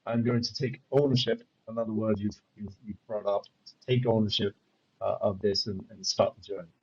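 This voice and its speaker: Male podcast host, husky voice, calm reflective delivery, dull lo-fi recording. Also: fairly low pitch, fairly quick. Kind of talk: podcast interview.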